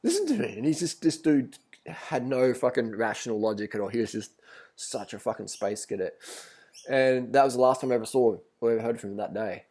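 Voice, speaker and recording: A man's voice: mid-range voice, fairly quick, darkish tone. Male vlogger, rambling storyteller, swears freely, blunt and casual.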